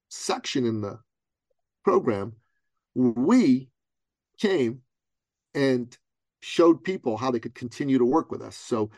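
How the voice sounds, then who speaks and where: A middle-aged man from Iran, a business coach, telling a story in an interview and acting out the people in it with big jumps in pitch. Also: gravelly, a little mellow, dry recording.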